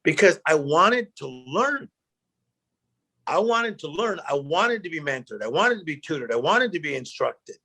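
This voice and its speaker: A middle-aged man, a guest speaker, telling animated personal stories in a chat and acting out the quotes. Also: fairly high pitch, moderate pace, husky. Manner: animated storyteller, acts out quotes, emotional. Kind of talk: storytelling interview chat.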